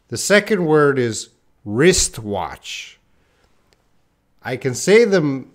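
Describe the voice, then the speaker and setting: A man's voice: medium pitch, lively intonation, moderate pace, fairly bright tone. A man teaching English in a live online lesson, casual and self-deprecating, reacting to viewers by name as he tries tongue twisters.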